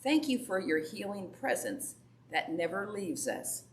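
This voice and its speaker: A woman's voice: medium pitch, very animated, measured pace. A woman Sunday school teacher telling a Bible story to children and asking them questions. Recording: echoey room from far off, faint background noise.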